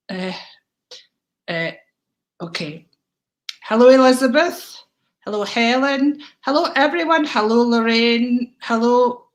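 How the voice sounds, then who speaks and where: A woman with a Scottish accent hosting a live stream as a psychic medium, chatting warmly and greeting viewers one by one with terms like darling and sweetheart. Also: a little high. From Scotland. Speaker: psychic medium livestream host.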